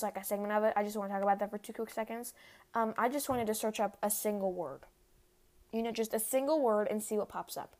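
A woman's voice: mid-range voice, a little mellow. A young woman hosting a casual solo podcast, rambling with many fillers. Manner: rambling, heavy use of "like", quick laughs. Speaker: podcast host.

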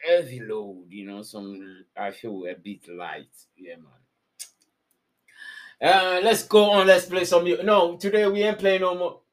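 Rambling slangy man on a live stream. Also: fairly high pitch. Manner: loose, rambling, repeats himself, slangy. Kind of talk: casual live-stream chat.

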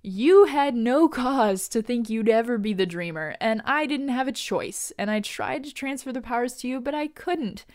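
A woman's voice: a little high, lively intonation, moderate pace, few pauses, darkish tone, pitched above the performer's own voice, lightly acted. A woman voicing a defiant young superheroine who speaks emphatically and confrontationally.

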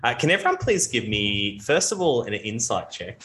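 A man's voice: medium pitch, big pitch swings, normal speed, sharp tone, reverberant. A man narrating a tabletop game as game master, casual and loose. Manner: casual, with fillers and restarts.

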